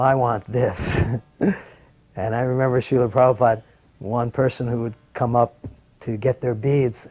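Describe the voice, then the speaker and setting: Man, reflective recollection, soft-spoken at times, ordinary mid-pitch voice. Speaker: devotee recalling memories. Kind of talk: personal recollection.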